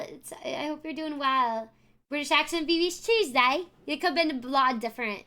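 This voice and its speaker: Bubbly high-voiced woman streamer. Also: moderate pace, pushed and bright. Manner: bubbly, effusive, thanks chat by name. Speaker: variety streamer. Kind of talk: casual live-stream chat.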